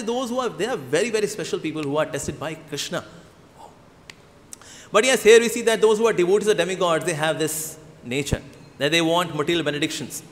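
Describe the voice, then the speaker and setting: Animated preacher, high voice. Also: male voice. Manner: animated storyteller, playful asides. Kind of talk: sermon. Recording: long hall reverb.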